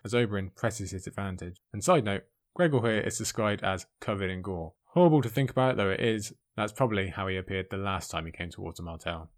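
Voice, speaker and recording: A man giving an excited commentary on a fantasy book, speaking emphatically between the passages he reads out. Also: deep voice, fairly quick, hardly any pauses. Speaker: book reviewer.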